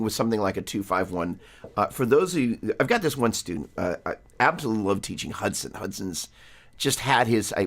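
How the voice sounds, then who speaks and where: A man with a fairly low voice talks through guitar theory on a live stream. He rambles in a friendly, chatty way, restarting sentences and breaking off to greet viewers. A guitar is heard behind him. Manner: rambling, self-interrupting, chatty.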